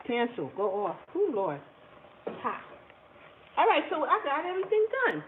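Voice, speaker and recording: A woman's voice: on the high side, wildly swooping pitch, normal speed. Chatty woman cooking on a tinny stream. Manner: chatty, laughs often, talks to viewers while cooking. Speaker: cooking channel host. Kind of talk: casual cooking livestream chat. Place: home kitchen. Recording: tinny phone-like audio with faint noise.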